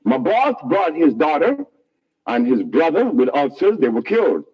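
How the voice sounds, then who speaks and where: Husky guy rambling through a story, voice leaps all over, kinda high, dull lo-fi sound. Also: moderate pace. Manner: animated, laughs at his own remarks. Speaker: speaker telling his life story.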